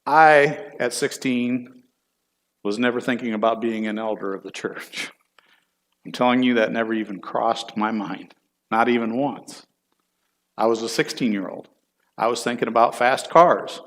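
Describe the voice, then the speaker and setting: A man's voice: mid-range voice, measured pace. A middle-aged man, a church elder, teaching a Bible class in a folksy, chatty way and putting questions to the class.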